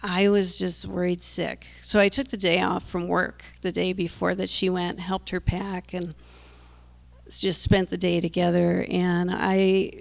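Middle-aged woman telling her own story, anxious worrier type, bit of a gravelly rasp. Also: lowish voice, flat delivery, unhurried. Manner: self-described worrier, earnest and anxious retelling; breaks into nervous laughs. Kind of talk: personal storytelling to an audience.

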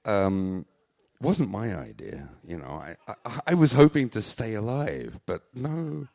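Brief: older male stage storyteller, very deep and gravelly, dark tone, rambling and jokey, swings his pitch a lot. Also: sing-song, slow. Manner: rambling, jokey, self-mocking. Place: live stage venue.

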